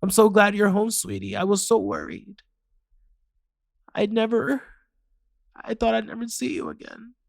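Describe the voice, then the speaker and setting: A man voicing a worried, tearful mother who softly comforts her son in a horror story reading. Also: extremely high pitch, lively intonation, unhurried, pauses often, no echo, studio quality, pitched above the performer's own voice, heavily acted. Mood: tearful relief. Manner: soft, hushed and soothing.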